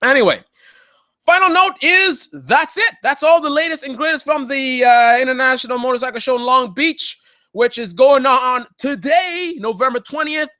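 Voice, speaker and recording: A man's voice: very high-pitched, normal speed, bright, forceful tone, dry recording, studio quality. A man hosting a live motorcycle channel update, talking casually in a joking, rambling way with lots of fillers.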